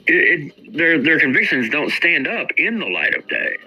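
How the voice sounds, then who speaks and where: A man's voice: fairly high pitch, sing-song, normal speed, sharp tone, dull audio, faint music behind. A man hosting a stream, ranting with mocking, profane commentary about other people. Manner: combative, mocking, swears constantly. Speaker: streamer host.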